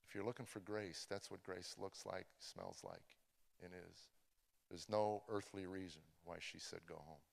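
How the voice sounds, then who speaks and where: Man giving a live testimony, halting storyteller who builds to fervor, long hall reverb. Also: low voice, creaky. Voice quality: stammers and restarts, storytelling, rising to excited intensity.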